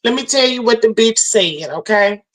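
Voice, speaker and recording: Bright high-voiced woman ranting to chat. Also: normal speed, rough recording. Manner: profane, heated, animated storytelling. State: tipsy from drinking. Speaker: livestream host. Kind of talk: casual livestream rant to chat.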